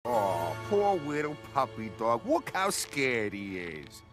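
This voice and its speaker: A man's voice: medium pitch, huge pitch swings, slow, music in the background. An actor voicing a bullying male street dog leader who taunts and mocks. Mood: taunting. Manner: taunting, mocking.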